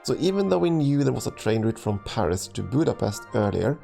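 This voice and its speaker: A man's voice: medium pitch, big pitch swings, fairly quick, creaky, dark tone, soft background music. A man streaming a let's play, chatting casually and reading a story game's text aloud with frequent ums, restarts and chuckles.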